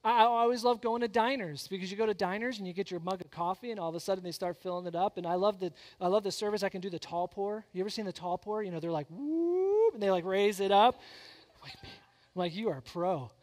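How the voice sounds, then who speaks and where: A man in his thirties preaching a sermon, animated and storytelling, swinging from soft reflection to loud excitement. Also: high-pitched, fast talker. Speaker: pastor. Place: church sanctuary. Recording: long church hall reverb.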